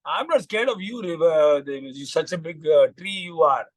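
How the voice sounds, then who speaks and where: A man's voice: fairly high pitch, lively intonation, normal speed, dry recording, poor audio. A man with an Indian English accent voicing a mighty river that brags about its power. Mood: boastful. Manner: boastful, dismissive. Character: mighty boastful river, mocking then proud.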